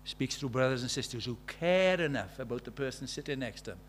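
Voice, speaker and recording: Animated preacher, man. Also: mid-range voice, a little fast, a little hiss or hum. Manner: animated, swings from loud exclamations to quiet intimate tones; conversational, uses quoted dialogue and filler words. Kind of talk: sermon.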